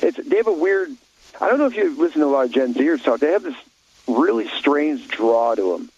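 A blunt, opinionated man holds forth on a talk radio show, rambling and restarting his sentences as he goes. His voice sits at a middle pitch. The sound is dull and lo-fi, like an old radio broadcast. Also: very animated, fairly quick, a little mellow, husky.

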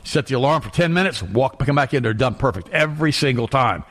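A man chatting casually, telling a long story with animated repeats. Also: medium pitch, fast, long reverb tail. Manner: animated storyteller, repeats words when excited. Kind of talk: casual chat, telling an anecdote.

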